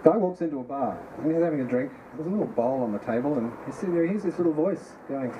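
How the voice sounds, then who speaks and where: A man telling short jokes at a party in a relaxed way, chuckling as he goes. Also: on the high side, quick pace, dull audio. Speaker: joke teller at a party. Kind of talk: casual joke telling. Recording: party crowd chatter and noise behind.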